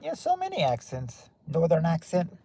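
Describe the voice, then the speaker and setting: A man's voice: on the high side, huge pitch swings, normal speed, warm tone, a little hiss or hum. Rambling Southern man hosting a stream. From southern United States. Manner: rambling, repeats himself, trails off. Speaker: stream host. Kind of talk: casual chat with live chat.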